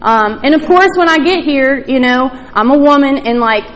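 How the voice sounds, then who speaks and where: A woman gives her personal testimony at a recovery meeting, speaking frankly and swearing freely as she tells her story. Her voice sits a little high, and a faint room ambience hums behind her. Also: lively intonation, normal speed, fairly bright tone, a little hiss or hum, low-quality recording. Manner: candid and profane, plain storytelling with frequent fillers.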